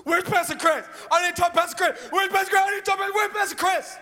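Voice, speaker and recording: A man's voice: extremely high pitch, fairly even intonation, fast talker, pushed and bright, long reverb tail, pitched above the performer's own voice. A man voicing a frantic woman who keeps demanding to see the pastor. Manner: insistent, repeating herself.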